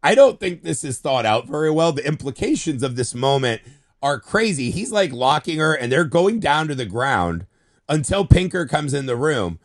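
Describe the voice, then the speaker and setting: Man, podcast co-host, casual movie chat, lively swooping voice, acts out quotes. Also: fairly high pitch, moderate pace. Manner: animated retelling of scenes with acted-out quotes and laughs.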